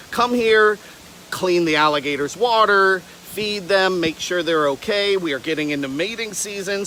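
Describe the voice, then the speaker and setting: A young Floridian who keeps alligators chats playfully on a casual outdoor livestream, rambling and jumping from tangent to tangent. His high voice is bright and forceful, heard over slight background noise in poor audio.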